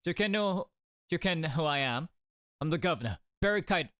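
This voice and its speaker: A streamer voicing a gruff, suspicious prison governor in a Scottish accent while reading game dialogue aloud. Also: mid-range voice, expressive, normal speed, fairly bright tone, no echo, studio quality, voice pushed up, lightly acted. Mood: brusque. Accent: attempted Scottish.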